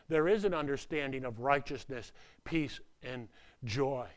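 Lively emphatic preacher man. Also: on the high side. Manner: lively and emphatic, swings from hushed to loud; conversational with asides and restarts. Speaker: pastor. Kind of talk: sermon.

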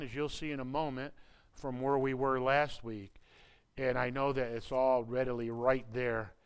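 A man's voice: medium pitch, smooth. A man preaching a sermon as a pastor, in a conversational way, often repeating and restarting words and briefly acting out quoted voices.

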